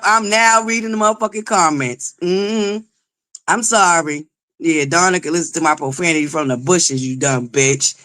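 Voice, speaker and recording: Loud, foul-mouthed woman livestream host. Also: medium pitch. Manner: loud, belligerent, swears constantly; greets and thanks viewers, pushes for likes. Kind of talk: profane live-chat commentary.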